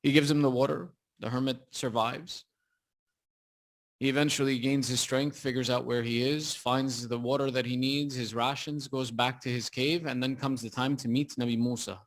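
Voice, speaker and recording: Male preacher, sermon storytelling, gravelly voice, dramatic. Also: mid-range voice, normal speed. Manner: lively, dramatic retelling.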